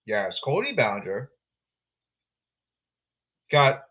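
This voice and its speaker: Male podcast host, slow and lively, rambling and repetitive, tinny phone-quality audio. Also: mid-range voice. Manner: rambling, excitable, repeats phrases. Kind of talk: casual solo podcast commentary.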